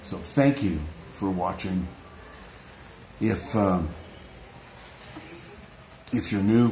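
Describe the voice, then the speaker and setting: In an echoey room with music and faint noise behind him, an American man with a fairly low voice draws out his words and pauses often. His earnest, off-the-cuff vlog is an emotional rant in which he frequently restarts and repeats phrases.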